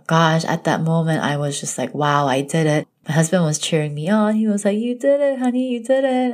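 A woman's voice: low-pitched, darkish tone. A young woman telling a personal story in an earnest, emotional way, with lots of casual fillers. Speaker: podcast host telling her birth story.

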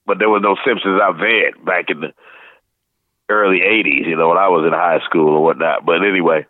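A man in his fifties from St. Louis, telling rambling, lively stories as an interview guest. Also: deep voice, brisk, dry recording. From St. Louis, USA. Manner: rambling, animated anecdotes, slips into voices. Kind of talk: casual storytelling interview. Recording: tinny phone line.

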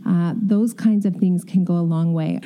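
A woman's voice: lowish voice, normal speed, dark tone. A middle-aged woman, an interior designer, telling candid, self-deprecating stories from her work and giving emphatic advice. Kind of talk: storytelling advice talk.

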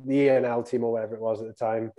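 A man co-hosting the chat, telling a story in a quick, chatty way. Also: medium pitch, little pitch movement, warm tone. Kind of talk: casual storytelling.

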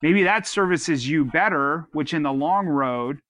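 Bright, dry-voiced man giving advice. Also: fairly high pitch, expressive, unhurried, dry recording. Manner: earnest, rambling, many restarts. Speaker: podcast co-host. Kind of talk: casual advice-giving talk.

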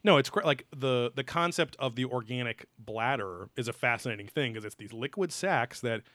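A man's voice: mid-range voice, moderate pace, no echo. A man chatting casually on a podcast, swearing freely and acting out what others said. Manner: animated, swears freely, acts out quotes. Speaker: podcast co-host. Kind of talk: casual profane chat.

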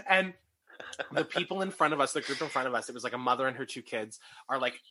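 Excitable host, husky bright voice, storytelling in a casual chat. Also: mid-range voice, brisk. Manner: excitable storyteller, many fillers. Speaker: podcast host.

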